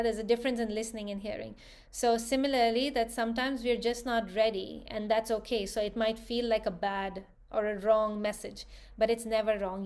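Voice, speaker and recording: A woman with a fairly high voice leads a live online workshop, speaking casually and telling stories with animation. She keeps checking in with her audience as she talks. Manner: conversational, checks in with listeners; animated storytelling. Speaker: spiritual workshop host.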